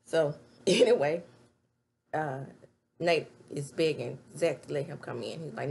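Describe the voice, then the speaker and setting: Chatty low-voiced woman. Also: measured pace, gravelly, slight background noise. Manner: chatty, animated, laughs while retelling scenes. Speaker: show recap vlogger. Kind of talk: casual show recap. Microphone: webcam setup with ring light.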